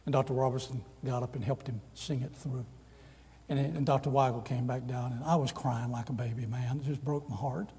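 Older preacher telling stories from the pulpit, kinda husky mellow voice, big echoey hall. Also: male voice, mid-range voice, brisk. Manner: animated storyteller, acts out quoted voices. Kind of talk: storytelling sermon. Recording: long reverb of a large hall.

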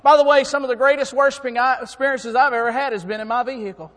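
A man preaching a sermon, swinging from quiet talk up to fervent, shouting peaks. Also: very high voice, steady tone, quick pace. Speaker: preacher and song director. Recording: long hall reverb.

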